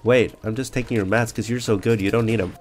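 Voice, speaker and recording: A man's voice: lowish voice, fairly even intonation, fast. Sarcastic guy gaming and teasing a random teammate, faint music underneath. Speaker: gaming YouTuber. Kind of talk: playful gameplay commentary.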